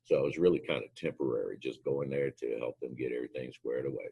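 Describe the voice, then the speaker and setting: Very deep, gravelly-voiced man telling stories. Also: fast, dark tone. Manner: emphatic storyteller, acts out quotes. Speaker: speaker, former drill instructor. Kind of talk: anecdotal motivational talk.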